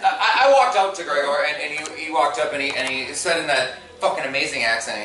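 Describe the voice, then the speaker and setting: A man in his thirties doing crude, animated stand-up comedy, often breaking into laughs, on stage in a large convention hall. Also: a little high, fairly quick, hardly any pauses. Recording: echoey hall recorded from far off, noisy.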